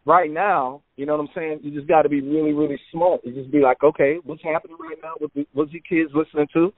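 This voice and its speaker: A man guest telling relaxed stories about making records, filling his talk with "man" and "you know". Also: fairly high pitch, quick pace, dry recording. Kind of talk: casual interview storytelling. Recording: phone-like narrow sound.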